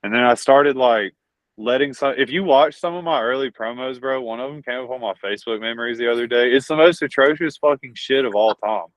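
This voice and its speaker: Speaking fairly quickly in a mid-range voice, a Southern-accented pro wrestler gives a casual, rambling interview full of profanity and words like "dude" and "bro." The recording is dry, dull and lo-fi.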